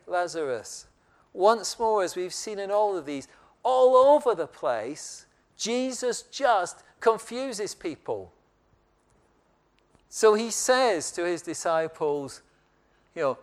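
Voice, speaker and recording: A male preacher delivers his sermon in a conversational yet emphatic manner. His voice sits high and he takes his time, letting dramatic pauses hang between phrases. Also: animated.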